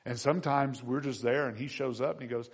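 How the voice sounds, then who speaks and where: A man preaching a sermon as pastor, animated and conversational, acting out voices of people in the story. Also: mid-range voice, a little fast, breathy edge.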